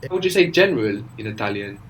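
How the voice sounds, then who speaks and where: A man with a fairly low voice leads an audio lesson, calm and patient as he explains each point step by step. He often ends a point with a questioning "no?", and a faint background noise stays under his voice throughout. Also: quick pace, low-quality recording. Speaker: language teacher.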